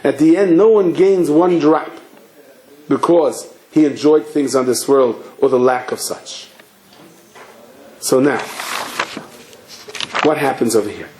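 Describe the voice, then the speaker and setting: A rabbi giving a sermon, asking rhetorical questions and telling stories. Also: male voice, a little high, takes it slowly, long pauses, mellow, slight background noise. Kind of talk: sermon with storytelling. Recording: echoey room.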